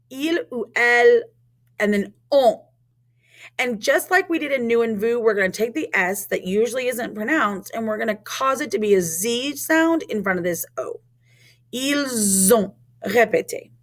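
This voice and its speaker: A woman teaching French in a recorded lesson, modeling words clearly and asking learners to repeat after her. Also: on the high side, fairly bright tone.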